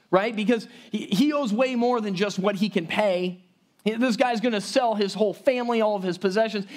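A high-voiced man delivering a sermon as a pastor. He speaks conversationally and emphatically, often restarting phrases and tossing asides to his listeners.

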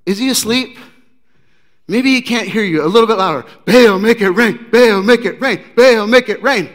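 A preacher voicing a cocky male prophet who taunts his rivals loudly and sarcastically during a sermon story. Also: fast, big-room sound, lightly acted. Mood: mocking. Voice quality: loud, high and jeering. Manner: sarcastic, teasing.

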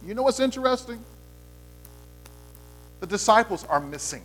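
A man's voice: sits high, big pitch swings, normal speed, long pauses, fairly bright tone, faint music behind. A man preaching a sermon as pastor, talking to the congregation in a conversational way, with playful asides and frequent restarts.

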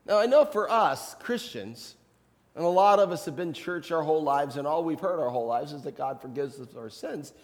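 A man's voice: on the high side, lively intonation, moderate pace, big-room sound. A man, a pastor, preaching a sermon in a conversational way, with rhetorical questions and light humor.

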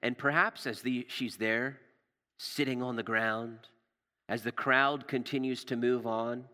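A man preaching a sermon with passion, repeating words and dropping to a hush for emphasis, recorded in a church. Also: mid-range voice, steady tone, measured pace. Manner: impassioned, repeats words, drops to hushed emphasis. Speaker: pastor. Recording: long reverb of a large hall.

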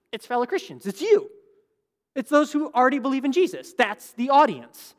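A middle-aged man preaching a sermon as pastor, in a relaxed, conversational and humorous way. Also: very high-pitched, long reverb tail.

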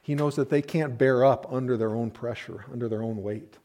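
With a warm, mid-range voice that runs a little fast, a male pastor preaches in a conversational manner, full of playful asides and acted-out quotes.

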